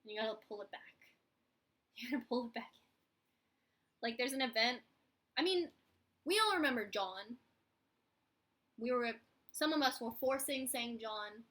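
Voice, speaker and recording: A young woman with a Philadelphia accent, chatting casually and mocking herself. Her voice is bright and forceful and sits a little high. She keeps slipping into the voices of the people she quotes. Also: moderate pace, long pauses. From Philadelphia, USA. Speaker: vlogger. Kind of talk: casual live chat.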